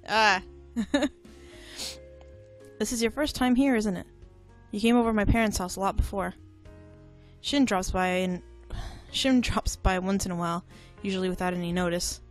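A young woman chatting casually while playing a game, giggling often and reacting loudly, with some swearing. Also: medium pitch, moderate pace, soft background music. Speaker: game streamer. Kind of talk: casual gameplay commentary.

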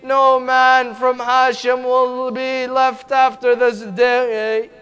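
A man voicing a grieving holy man as he parts from his family, in a slow mournful chant. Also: very high-pitched, monotone, fairly bright tone, clear, resonant tone, lo-fi sound, faint music behind, full character voice.

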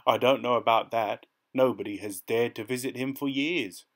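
A man's voice: mid-range voice, moderate pace, close to an everyday voice. A man voicing a doubtful, serious male gatekeeper in a storybook.

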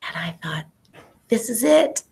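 A middle-aged woman, an ethnobotanist, telling lively stories to students in an animated educational talk over a video call. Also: fairly high pitch, measured pace, creaky, husky. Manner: animated storyteller, exclamations and acted-out quotes; casual, says y'all.

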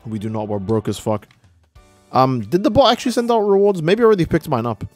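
A young man live-streaming a game, chatting casually and reading out donations, laid-back and profane, his voice jumping high when he gets excited. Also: fast talker, dry recording, soft background music.

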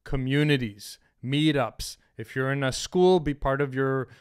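A man's voice: medium pitch, steady tone, measured pace, smooth. A man talking as a dating coach in a brash, emphatic and profane advice monologue.

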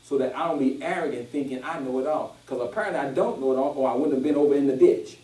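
A fast-talking man with a mid-range voice preaches a conversational sermon as pastor, drawing responses from the congregation. He tells stories animatedly, acting out quoted voices in casual dialect. The roomy church sound is recorded from a distance.

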